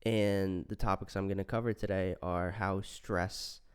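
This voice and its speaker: A man hosting a solo science podcast, stuffy from a cold, explaining in a relaxed, conversational way. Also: low-pitched, measured pace, clean tone. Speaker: podcast host.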